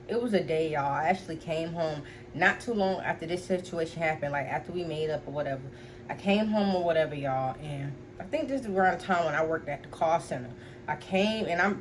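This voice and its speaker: A woman's voice: low-pitched, brisk, a little hiss or hum. A young woman casually telling a personal story to her viewers, chatty and blunt, full of fillers and swearing. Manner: blunt and profane. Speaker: storytime vlogger.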